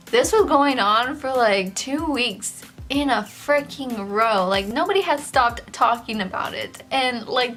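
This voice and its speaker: A young woman vlogger of Mexican heritage, telling a casual storytime in a chatty, animated way with lots of "like" fillers. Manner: chatty and animated, full of "like" fillers, with quick jumps in pitch.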